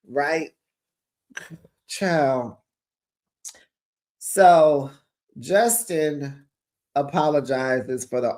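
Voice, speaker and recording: Sassy guy doing a reality tv recap, kinda high voice, calls everyone honey and child, chatty gossip vibe. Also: darkish tone. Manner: sassy, chatty, addresses viewers as besties and y'all.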